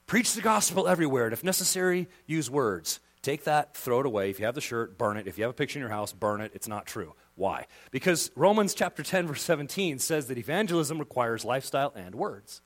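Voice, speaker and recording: A man's voice: medium pitch, expressive, quick pace, few pauses. Impassioned male pastor preaching. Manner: impassioned, swings from hushed to loud emphasis. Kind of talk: sermon.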